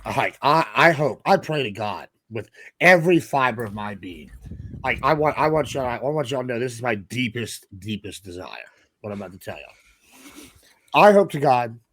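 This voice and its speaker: A hoarse man who has lost his voice, arguing bluntly and brashly in a heated live stream debate. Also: medium pitch, expressive, moderate pace, a bit bright, no room sound. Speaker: debate caller.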